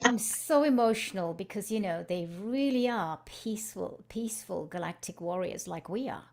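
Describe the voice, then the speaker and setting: A woman hosting a spiritual live stream on a video call, speaking softly and drifting between guided meditation and casual chat. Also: medium pitch, animated, moderate pace, creaky. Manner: soft-spoken, drifts into hushed chanting.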